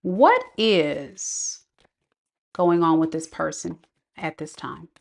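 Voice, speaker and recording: A woman's voice: deep voice, lively intonation, slow pace, gravelly. Chatty woman giving a live tarot reading. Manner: chatty, slangy, laughs often, addresses viewers directly. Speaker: tarot reader.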